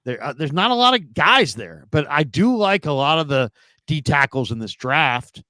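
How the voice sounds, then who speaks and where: A man's voice: on the high side, sing-song, normal speed, sharp tone, dry recording. A man on a sports talk show giving his opinions casually, thinking aloud with frequent restarts. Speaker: sports podcast panelist.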